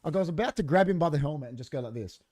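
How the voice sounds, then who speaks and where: Racing along in a voice on the high side, a male co-host tells a story on a studio podcast. His casual chat is profane and animated, with people's words acted out.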